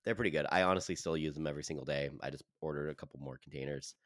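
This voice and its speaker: Very deep-voiced laid-back man. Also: racing, a bit bright, no echo, studio quality. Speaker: podcast co-host. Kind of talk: casual chat, reading a sponsor plug.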